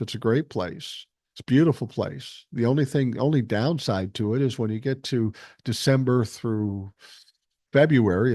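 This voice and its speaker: A man's voice: mid-range voice, dark tone, no echo, clean studio sound. A man, hosting a casual livestream, reading chat comments and answering bluntly with plenty of swearing. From Minnesota, USA. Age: 60s. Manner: blunt, frequent swearing, reasonable tone. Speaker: podcast host reading live chat.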